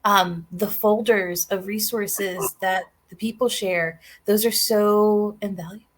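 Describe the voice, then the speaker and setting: A woman's voice: medium pitch, fairly even intonation, slow pace. Earnest woman explaining, hesitant fillers. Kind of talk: casual live-stream chat.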